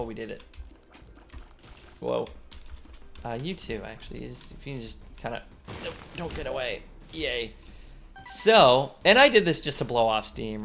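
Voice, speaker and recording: A young man of middle pitch talks casually over a game, rambling through a long story. He acts out quotes and breaks off with sudden outbursts at the screen. A faint hum of noise sits behind his voice. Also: a bit bright. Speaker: gaming commentator. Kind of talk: casual let's-play storytelling.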